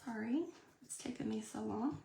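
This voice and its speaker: Lady doing a live card craft demo, gravelly fry in her voice, chats with viewers, echoey room. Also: on the high side, normal speed, warm tone, a little hiss or hum. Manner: chatty, reads and answers viewer comments. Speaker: card-making instructor.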